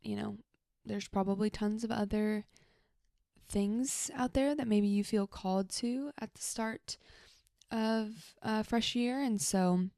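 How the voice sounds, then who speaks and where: Speaking slowly in a gravelly, dark, mid-range voice, a woman chats through her own podcast from her home office. She's a therapist who rambles casually, sounds slightly out of breath, and slips in asides to herself. The audio is studio quality with no echo.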